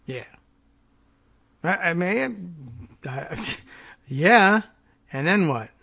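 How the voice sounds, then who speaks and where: A man's voice: high voice, animated, drawn-out words, vocal fry, sharp tone, husky. A man hosting a podcast, chatting casually about politics with lots of hesitant restarts and easy laughs. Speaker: podcast host.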